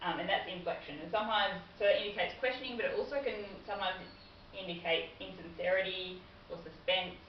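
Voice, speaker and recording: A woman with a voice on the low side talks quickly with few pauses while teaching a friendly workplace communication class in a training room. The recording comes from afar, sounding dull and roomy with slight background noise.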